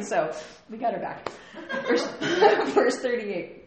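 A woman pastor preaching a lively sermon, often laughing and acting out the voices she quotes. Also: on the low side, moderate pace, reverberant, noisy background.

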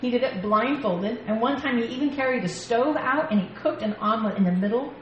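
A woman speaker giving a lively faith talk to a women's gathering from a stage mic, telling stories and laughing often. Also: a little high, fairly quick, lo-fi sound. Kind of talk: sermon-style faith talk. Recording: echoey hall, faint background noise.

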